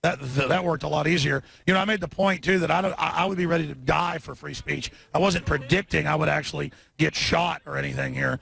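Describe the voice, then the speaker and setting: A man with a high-pitched, gritty, gravelly voice broadcasts live from a street protest. He rants in a fast, combative, indignant stream. He also leads slogans through a bullhorn. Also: a bit bright. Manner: rapid, combative, indignant rant. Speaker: talk show host.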